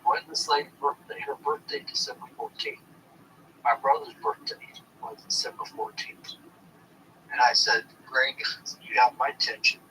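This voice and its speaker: A man's voice: medium pitch, a bit bright, recorded from a distance, slight background noise, poor audio. A man telling a long personal story in a rambling, earnest way during a casual talk. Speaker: candidate.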